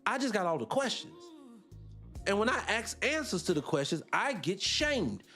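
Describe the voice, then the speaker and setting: A man's voice: sits high, big pitch swings, moderate pace, sharp tone, soft background music. A middle-aged man from the United States hosting a casual livestream, talking emphatically and firing off rhetorical questions. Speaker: livestream host.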